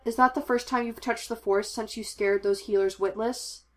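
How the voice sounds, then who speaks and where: A woman reading a firm, steady Jedi knight. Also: a little high, moderate pace, natural voice. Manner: firm, commanding, reassuring. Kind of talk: audiobook reading of fan fiction.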